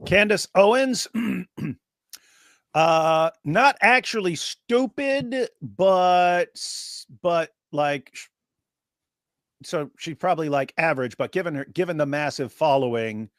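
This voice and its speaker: A man's voice: fairly high pitch, dry recording, clean studio sound. A man co-hosting a casual live stream, giving blunt, opinionated explanations. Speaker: co-host.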